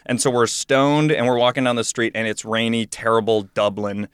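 A man's voice: mid-range voice, a little fast, a bit bright, clean tone, no echo, clean studio sound. A man on a comedy podcast panel, telling a rambling story with lots of stammered restarts.

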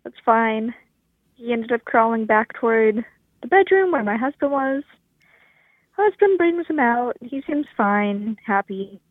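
A woman's voice: on the high side, lively intonation, unhurried, slightly rough, no echo. Grossed-out woman caller on a tinny phone line. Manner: grossed-out, wry, laughing at herself. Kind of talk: phoned-in voicemail anecdote.

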